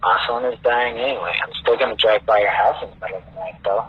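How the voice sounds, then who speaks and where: A man's voice: on the low side, quick pace, slightly rough, highs cut off. A man playing an obsessive lovesick man who rambles and swears through frantic voicemails. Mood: creepy calm. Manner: rambling, swearing, swings between pleading and unhinged. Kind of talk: played voicemail recording.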